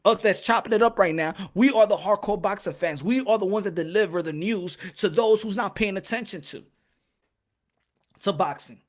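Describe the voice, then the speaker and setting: A man's voice: high-pitched, moderate pace. A man hosting a boxing podcast, ranting in a heated, profane way and firing off repeated rhetorical questions. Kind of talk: solo opinion rant.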